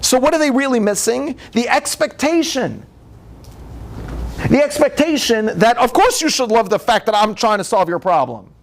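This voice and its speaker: Animated high-voiced rabbi telling stories. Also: male voice, normal speed. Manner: animated storytelling, acts out dialogue, frequent laughter. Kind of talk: humorous lecture.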